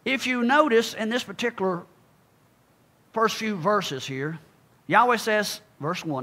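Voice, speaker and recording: Unhurried yet animated, this preacher delivers his sermon with emphasis, calling out to the congregation. For his asides, his voice sinks low and quiet.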